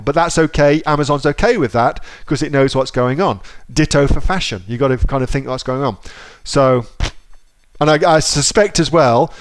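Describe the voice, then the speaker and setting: Male seller, casual tutorial talker, a touch high-pitched, loose and profane. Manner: chatty, swears casually, repeats himself. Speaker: online seller teaching. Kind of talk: casual screen-share tutorial.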